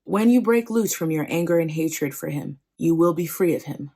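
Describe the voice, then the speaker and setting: A woman voicing an old blind father, doubtful and questioning, with drawn-out hums. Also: deep voice, animated, mellow.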